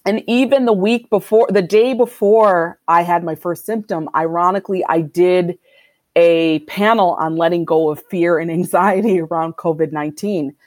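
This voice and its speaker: A woman doctor answering interview questions in a candid, reflective and measured way. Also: fairly low pitch, a little mellow, dry recording. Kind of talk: conversational interview.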